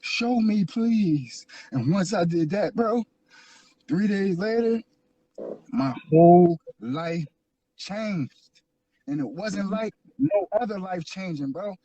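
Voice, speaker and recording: Husky-voiced man giving heartfelt testimony. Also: sits high, expressive, slow pace, long pauses, warm tone, no room sound, muffled recording. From Philadelphia, USA. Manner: earnest, repetitive, rising into preaching. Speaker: guest sharing his life story. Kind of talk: emotional personal testimony.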